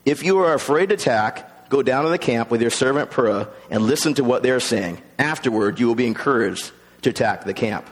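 A male pastor preaching a sermon, animated, acting out the voices in the stories he tells. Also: mid-range voice, fairly quick, few pauses, long reverb tail. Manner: animated, acts out voices in quotes.

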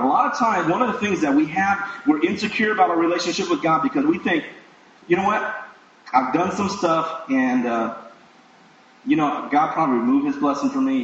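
A man's voice: on the high side, fairly bright tone, slight background noise. A man preaching a sermon in a conversational way, with frequent fillers and restarts. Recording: distant mic in an echoey room, dull sound.

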